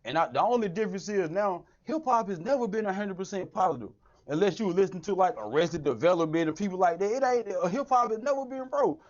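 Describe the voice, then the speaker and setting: A man's voice: high-pitched, fast. Lo-fi talkative middle-aged man. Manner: animated, repeats "right, right" and "you know what I'm saying". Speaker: podcast host. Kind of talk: casual chat. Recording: dull lo-fi sound.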